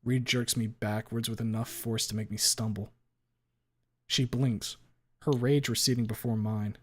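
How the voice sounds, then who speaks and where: A man reading a fan story aloud on a stream, expressive, with small stumbles. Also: medium pitch, unhurried.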